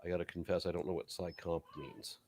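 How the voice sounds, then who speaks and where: A man's voice: low-pitched, little pitch movement, brisk, darkish tone, slight background noise. A man hosting a casual panel chat and reading out viewer comments with a chuckle. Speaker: host.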